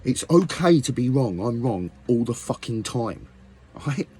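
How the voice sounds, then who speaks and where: A man's voice: medium pitch, sing-song, unhurried, dark tone, slight background noise. A man ranting angrily at his viewers, swearing often and firing off rhetorical questions. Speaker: musician vlogger. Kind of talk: angry rant to camera.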